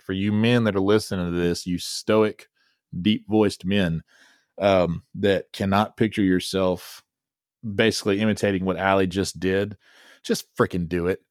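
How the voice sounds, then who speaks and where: A man's voice: deep voice, steady tone, a little slow, dry recording, studio quality. A man hosting a podcast, talking in a laid-back, rambling way and joking with his co-host. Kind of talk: casual podcast chat.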